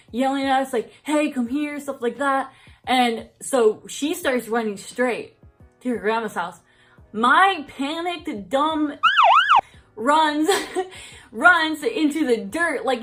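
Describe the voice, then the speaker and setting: A young woman in her vlog, talking in a somewhat high voice and rambling from one story to the next. She peppers every sentence with "like" and breaks into laughs as she goes. Faint music sits under her voice. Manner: rambling, fills speech with "like", laughs often. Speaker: vlogger. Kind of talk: casual storytime chat.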